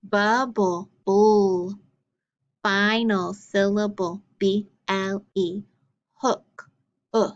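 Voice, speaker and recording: A woman's voice: medium pitch, fairly even intonation, drawn-out words, muffled recording. A woman teaching a phonics lesson, sounding out letter blends and praising each answer patiently. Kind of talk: slow phonics drill.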